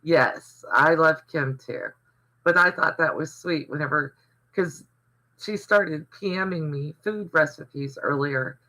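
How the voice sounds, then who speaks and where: An older man from the Southern US hosts a casual livestream, speaking slowly in a fairly high, bright, forceful voice over poor audio. He rambles through stories in a chatty way and reads viewer comments aloud.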